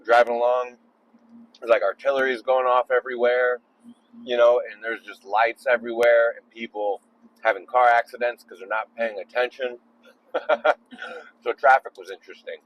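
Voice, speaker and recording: A man's voice: medium pitch, steady tone, normal speed, pauses often, lo-fi sound. A man making a casual video while driving on the freeway at night, rambling with joking asides. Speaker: vlogger.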